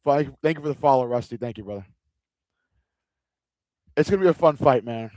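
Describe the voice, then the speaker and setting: A man's voice: medium pitch, fairly quick, darkish tone, no echo. A man hosting a live fight watch-along, chatting casually and joking with loose, rambling restarts. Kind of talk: casual live-stream chat.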